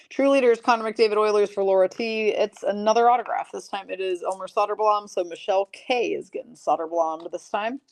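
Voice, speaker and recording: A woman's voice: medium pitch, a little mellow. A woman hosting a live card break stream, chatty and self-mocking. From Michigan. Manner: chatty, self-mocking, rattling off names quickly.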